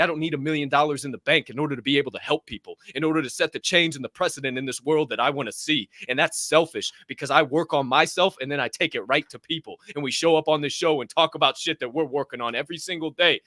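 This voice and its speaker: A man in full heated rant mode on a podcast, cursing freely and hammering his points. His voice is bright and forceful and a bit high, recorded very dry and close. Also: no room sound. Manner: profane, heated, swings loud and soft. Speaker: podcast co-host. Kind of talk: fired-up motivational rant.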